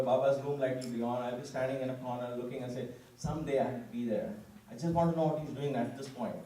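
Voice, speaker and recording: A man, giving an animated personal testimony to a gathering and often quoting himself. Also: medium pitch. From India. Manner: animated storytelling, quoting himself, frequent restarts. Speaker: speaker at a devotional gathering. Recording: echoey hall from far off, faint room noise.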